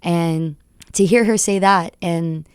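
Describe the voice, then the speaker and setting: A young adult woman rapper talking as a radio guest, recounting stories in an excitable, tumbling way. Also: on the low side, slow pace, smooth, no room sound, clean studio sound. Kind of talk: animated storytelling interview. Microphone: studio radio mic.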